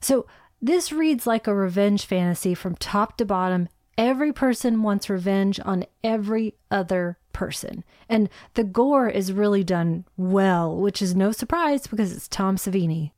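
A woman's voice: medium pitch, normal speed, a little mellow, no room sound, clean studio sound. A woman co-hosting a podcast, chatting about horror films in a joking, opinionated way. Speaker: podcast co-host. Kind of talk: casual film review chat.

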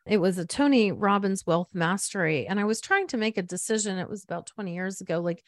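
A middle-aged woman hosting a podcast interview, chatting in a relaxed way full of fillers and stories. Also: mid-range voice, brisk, no room sound, clean studio sound. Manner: chatty, warm storytelling with frequent fillers. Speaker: podcast host. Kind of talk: conversational interview.

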